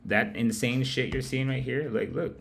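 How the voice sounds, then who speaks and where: A man's voice: medium pitch, fairly even intonation, moderate pace, gravelly, a little hiss or hum. A man hosting a live market-analysis stream, rambling and cursing freely as he talks straight to his chat. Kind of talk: casual livestream market commentary.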